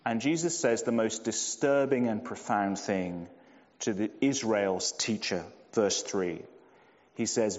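A man preaching a sermon, measured and emphatic, slowing down and dropping low on key phrases. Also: a little mellow. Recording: dull lo-fi sound in a long-reverb hall.

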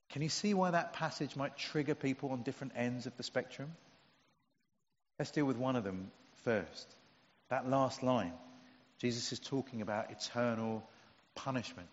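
A man's voice: mid-range voice, animated, normal speed, long pauses. A middle-aged man preaching a sermon in a church, conversational and humorous, with emphatic stresses. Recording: dull sound with long hall reverb.

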